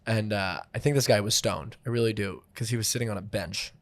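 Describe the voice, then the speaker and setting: A man, a stand-up comedian and podcast host, telling animated stories in a casual comedy chat and jumping into voices. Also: fairly low pitch, fairly quick. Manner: animated storyteller, jumps into voices.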